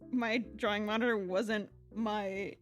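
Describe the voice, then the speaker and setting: A woman's voice: medium pitch, fairly even intonation, measured pace, faint music behind. A woman streamer chatting casually on a live stream, laughing often and using lots of fillers.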